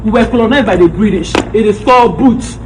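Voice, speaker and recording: A woman's voice: mid-range voice, fairly quick, noisy background, lightly acted. A woman with a Nigerian accent playing a stubborn wife in a comedy skit, insisting and teasing.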